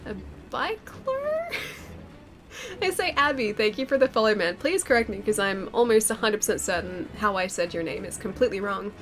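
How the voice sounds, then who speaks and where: Streaming games from her home gaming room, a woman with a cold chats casually with viewers in a nasal, sing-song voice that is medium-pitched and fairly bright. She giggles and pokes fun at herself, speaking at a moderate pace into a close studio mic fitted with a pop filter.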